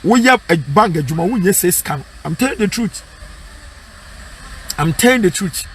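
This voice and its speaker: A man's voice: high-pitched, lively intonation, normal speed, a little hiss or hum. A man with a Ghanaian accent preaching as an evangelist, emphatic, mixing English with Twi and asking his listeners to repeat his points back. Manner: emphatic, repeats lines and asks "What I say?" for response. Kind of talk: street-style preaching and advice.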